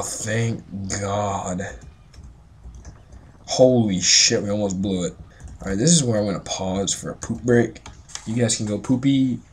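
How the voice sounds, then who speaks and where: A man's voice: fairly low pitch, a little hiss or hum. A drunk man giving casual gameplay commentary, rambling and swearing with joking asides. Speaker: let's play gamer.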